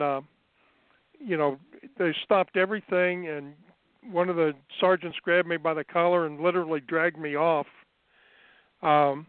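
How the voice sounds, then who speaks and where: A man as an interview guest, recounting his past in an unhurried, measured way with frequent fillers, heard over a phone line. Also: a little high, smooth, dry recording. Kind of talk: remote interview, recounting experiences.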